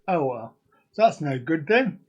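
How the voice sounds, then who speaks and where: A man's voice: on the high side, big pitch swings, measured pace, highs cut off. A man hosting a casual live stream, rambling and joking as he chats to his viewers. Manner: jokey, rambling, sings and laughs along.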